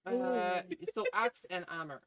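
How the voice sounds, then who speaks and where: A woman narrating as game master of a tabletop game, speaking in a hesitant, halting way full of fillers. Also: mid-range voice, animated, noisy background.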